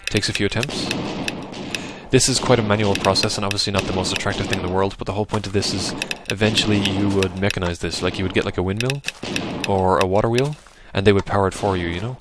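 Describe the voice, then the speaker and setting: A man giving rambling, casual let's-play commentary over a game, now and then yelping loudly at what happens. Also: fairly low pitch, fairly even intonation, fast, heavy background noise. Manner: chatty, rambling, bursts into loud yelps at the game. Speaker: gaming video host.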